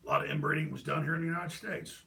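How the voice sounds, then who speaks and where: Racing along in a gravelly voice with little pitch movement, a middle-aged man hosting a talk show rants about politics, moving between loud outbursts and low mutters.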